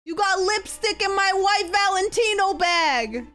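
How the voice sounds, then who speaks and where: A woman voicing a haughty, wealthy mob matriarch with a mock Greek accent, talking slowly and scoldingly. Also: extremely high pitch, expressive, pushed and bright, voice pushed up, full character voice. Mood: scornful. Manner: slow, grand and scolding. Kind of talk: comic impression on a livestream.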